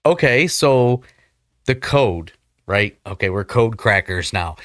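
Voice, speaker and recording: A man's voice: fairly low pitch, expressive, takes it slowly, a bit bright, dry recording. Upbeat man reacting, dry close sound. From United States. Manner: upbeat, talks straight to viewers. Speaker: reaction video host. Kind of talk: casual reaction commentary.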